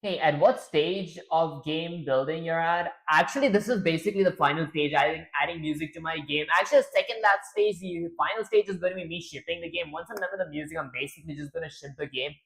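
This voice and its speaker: A man's voice: on the high side, fast, gravelly, few pauses, a bit bright. A man hosting a programming livestream, chatting casually, narrating his own steps and answering questions from the chat. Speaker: livestream host.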